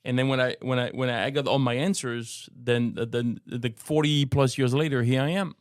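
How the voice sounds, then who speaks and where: A man in his sixties with a French accent, co-hosting a faith podcast in an earnest, halting way with many restarts. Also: medium pitch, fairly even intonation, dry recording, clean studio sound. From France. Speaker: co-host and apologetics teacher. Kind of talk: casual podcast conversation.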